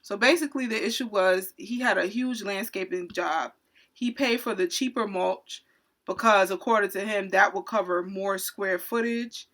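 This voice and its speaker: A woman who works as a retail cashier, telling a story from her job in an indignant, animated storytime rant. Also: mid-range voice, moderate pace.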